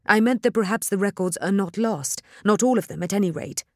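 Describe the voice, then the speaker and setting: A woman voicing a cautious, deferential male aide who speaks slowly and carefully. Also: sits high, no echo, clean studio sound, voice pushed up.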